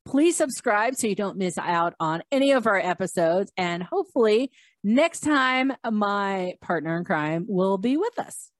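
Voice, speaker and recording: A woman hosting a podcast, telling a personal story in a casual, animated way and acting out the voices of the people in it. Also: unhurried, no echo. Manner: animated, acts out quoted voices with big pitch jumps. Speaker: podcast host.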